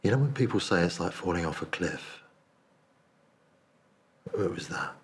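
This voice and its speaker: In a low-pitched, expressive voice at normal speed, a man performs a dramatic monologue as someone remorseful confessing a cowardly betrayal. He speaks hushed and confessional, with a haunted mood.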